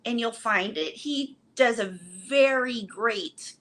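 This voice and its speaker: A woman's voice: a little high, takes it slowly, a bit bright. A woman co-hosting a casual crochet livestream, cheerfully greeting viewers by name and chatting about her projects.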